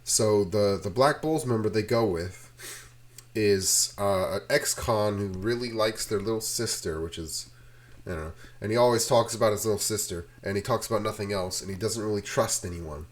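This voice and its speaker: A man's voice: fairly low pitch, normal speed. A man hosting his own channel, talking in a loose, meandering rant that drifts from one tangent to the next. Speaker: channel host. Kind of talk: casual rambling rant to camera.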